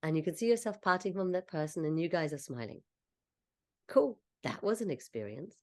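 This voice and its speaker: A woman coach leading a slow, soothing guided visualization, talking the listener through each step. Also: fairly low pitch, animated. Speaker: confidence coach.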